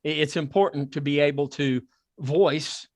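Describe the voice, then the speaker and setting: Southern guy hosting a podcast, fairly high voice, gets excited, repeats himself a lot, dry close mic. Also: moderate pace, dry recording. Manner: excitable, repeats words and restarts. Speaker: podcast host. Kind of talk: casual chat with a sponsor plug.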